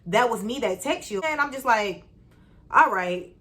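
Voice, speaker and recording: A young woman vlogger telling a personal story in a chatty, slangy way, speaking straight to her viewers and jumping up in pitch when she acts out greetings. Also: unhurried. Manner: lively, jumps high when retelling greetings. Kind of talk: casual storytime.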